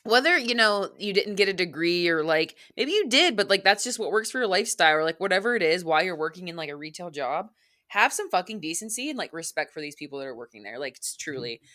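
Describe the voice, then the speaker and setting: A woman's voice: lowish voice, lively intonation, fast, bright, forceful tone. A young woman co-hosting a podcast, ranting candidly in casual chat, full of "like" and swearing. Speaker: podcast co-host.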